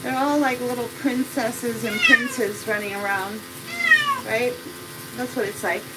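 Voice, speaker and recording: A woman's voice: fairly high pitch, wildly swooping pitch, measured pace. Playful sing-song woman groomer. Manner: playful sing-song baby talk to the cat. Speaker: cat groomer. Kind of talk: live grooming demonstration. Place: cat grooming salon. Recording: loud background noise.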